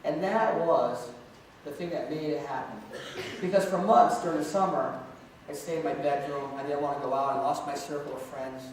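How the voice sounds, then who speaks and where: A man's voice: fairly high pitch, steady tone, moderate pace. A man who teaches martial arts gives an anti-bullying talk to a school assembly, telling his story, joking and calling out questions to the students. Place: large echoey school hall with student audience. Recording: echoey hall from far off, faint noise.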